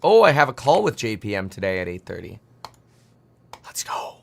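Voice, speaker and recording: Man in his 30s, casual livestream host; quick, rambling, jokey delivery while working charts. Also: lowish voice, sing-song, gravelly. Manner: fast, rambling, jokey, talks to himself while clicking charts. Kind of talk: casual market commentary livestream.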